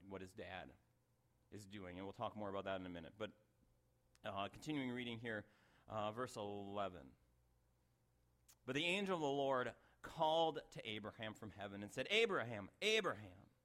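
A man's voice: lowish voice, moderate pace, a bit bright. Chatty middle-aged man preaching. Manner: conversational, self-interrupting, chuckles at own asides. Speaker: pastor. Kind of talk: sermon.

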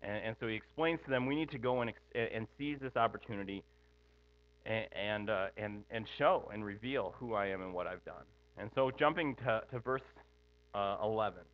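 A middle-aged pastor with a fairly low voice preaches a sermon at a moderate pace, conversationally, thinking aloud and making frequent asides. The audio sounds tinny, like a phone, with mains hum underneath.

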